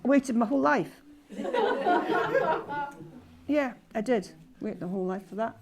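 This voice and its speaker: A Scottish woman telling a personal story to a live audience, halting and repeating herself with deep feeling. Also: heavy background noise. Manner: halting, repetitive and heartfelt.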